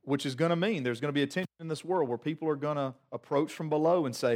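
Male pastor, fairly high voice, sermon that swings quiet to loud with jokes to the crowd. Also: fast. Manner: swings from hushed reflection to loud emphatic peaks; humorous asides to the congregation.

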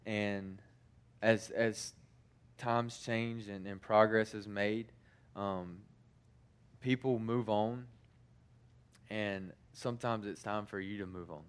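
A man's voice: fairly low pitch, fairly even intonation, slow pace, long pauses, clean tone. A man in his thirties, a youth pastor, telling stories in a casual sermon, stumbling through frequent restarts and fillers.

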